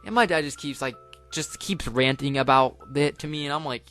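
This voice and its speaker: A man's voice: a little high, steady tone, a little fast, fairly bright tone, soft background music. A teenage boy telling a casual storytime tale, rambling along with lots of filler words. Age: teens. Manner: rambling, full of "like" and "you know" fillers. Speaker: vlogger.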